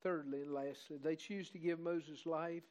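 Older pastor, fairly high voice, heartfelt sermon with fervent swells. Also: male voice, fairly even intonation, normal speed, darkish tone, rough recording. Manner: heartfelt, rising to fervent emphasis.

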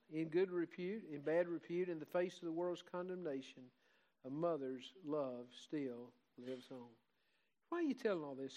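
Older pastor, fairly high voice, heartfelt sermon with fervent swells. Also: male voice, a little mellow, poor audio. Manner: heartfelt, rising to fervent emphasis.

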